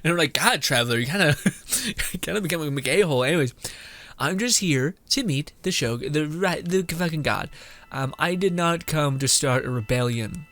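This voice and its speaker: A man's voice: on the high side, lively intonation, normal speed, a bit bright. A young man streaming a video game, sarcastic and profane, often laughing at the story. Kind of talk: game commentary.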